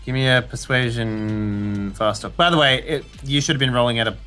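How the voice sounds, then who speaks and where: Man, game master, bright forceful voice, laughs a lot, faint music behind. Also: mid-range voice, normal speed. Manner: laughs often, jumps into character voices. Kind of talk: narrating a tabletop game.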